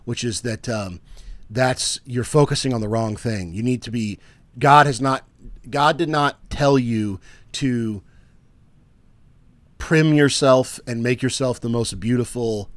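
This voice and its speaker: Still worn out from being sick, a tired young man co-hosts a podcast, joking and rambling through casual banter and letting sentences trail off into fillers. He speaks at a medium pitch, a little slowly, with no echo.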